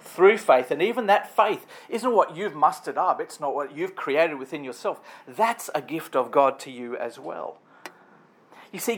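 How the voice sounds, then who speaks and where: A man preaching a sermon in a conversational, storytelling way, building emphatic lists. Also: medium pitch.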